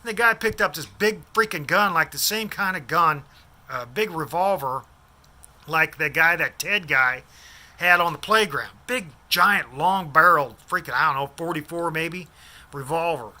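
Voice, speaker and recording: A man's voice: fairly high pitch, moderate pace, pushed and bright. A man in his fifties from Iowa, telling a rambling personal story in a casual way, often losing names and restarting sentences. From Des Moines, Iowa. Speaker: vlogger.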